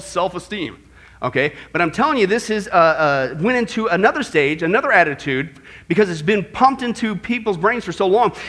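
A man preaching a sermon, animated and playful, asking his congregation rhetorical questions. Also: sits high. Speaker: pastor.

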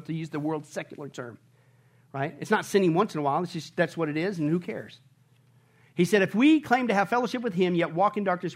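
A man preaching a sermon as a pastor, emphatic and repetitive, swinging from near-shouts down to hushed, low warnings and asking the congregation rhetorical questions. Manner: emphatic, repeats phrases, rises to shouting and drops to hushed tones.

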